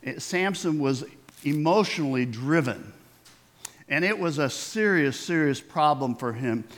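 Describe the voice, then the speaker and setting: A man's voice: a little high, animated, unhurried, a bit bright. A middle-aged man preaching a sermon in a conversational way, asking the congregation questions and acting out quoted voices. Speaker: pastor.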